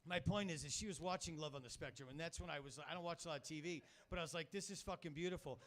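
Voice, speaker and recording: Middle-aged male comic hosting a club night, high voice, crude and self-mocking, on a stage mic. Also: quick pace, fairly bright tone. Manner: crude, rambling, self-mocking, swears a lot. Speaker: stand-up comic and show host. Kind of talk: stand-up comedy set.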